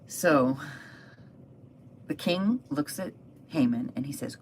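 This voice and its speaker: Animated low-voiced woman retelling a Bible story. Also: slow pace, slight background noise. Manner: animated, chatty asides. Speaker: Bible teacher.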